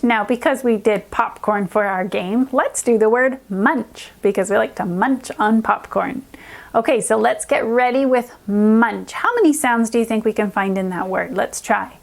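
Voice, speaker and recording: A young adult woman who teaches reading, giving an upbeat lesson to young children and slowly sounding out letters and words. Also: a little high, gravelly.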